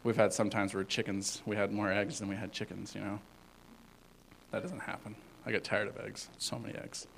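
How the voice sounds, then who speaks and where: A man giving an informal sermon as a youth pastor, rambling with many fillers and swinging between loud and hushed. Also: on the low side, level tone, normal speed, vocal fry, a little hiss or hum, poor audio.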